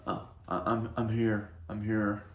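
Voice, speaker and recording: A man voicing a clueless old weatherman character, muttering in a breathy half-whisper. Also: fairly low pitch, completely flat delivery, measured pace, a little hiss or hum. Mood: meek. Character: clueless old male weatherman, mumbling and dazed.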